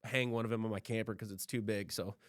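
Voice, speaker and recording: A man's voice: on the low side, steady tone, fast, no echo, studio quality. A young man co-hosting a podcast, telling stories in a laid-back, profane, casual way. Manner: laid-back, swears freely. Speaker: podcast co-host.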